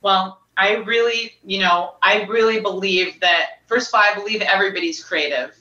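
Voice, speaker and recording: A woman's voice: mid-range voice, moderate pace, bright, forceful tone, reverberant, far from the mic, lo-fi sound. A woman guest answering earnestly on a video call, reflecting on love and creativity. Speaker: guest, business owner. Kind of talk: casual interview answer.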